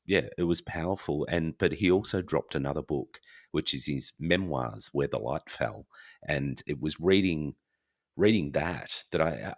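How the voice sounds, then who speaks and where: Very deep-voiced, this Australian podcast guest chats casually and throws lots of energy into performing the reactions of people he quotes. The sound is studio quality with no echo.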